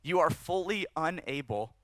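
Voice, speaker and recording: A man delivers a church sermon in a lively, conversational way, pushing his voice upward when he stresses a point. His tone is bright and forceful, sitting a little high for a man. The sound is dry and close, with little room in it. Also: moderate pace, no echo. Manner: animated, conversational preaching with rising emphasis. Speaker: pastor. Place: church service.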